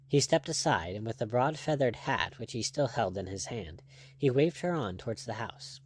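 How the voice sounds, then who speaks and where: Brief: male audiobook reader, lively pitch, measured delivery. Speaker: audiobook narrator. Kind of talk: scripted narration.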